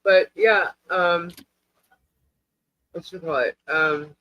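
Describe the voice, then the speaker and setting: A woman's voice: fairly low pitch, slow, no echo, muffled recording. A woman co-hosting a casual live-stream chat, laughing often as she talks.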